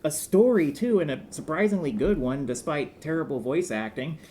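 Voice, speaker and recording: A man co-hosting a casual gaming podcast, animated and rambling, swearing freely. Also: a little high, normal speed. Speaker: podcast co-host.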